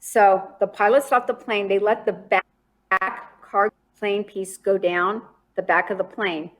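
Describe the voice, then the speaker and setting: A woman guest on a podcast, telling a story in an animated, dramatic way. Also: mid-range voice, unhurried.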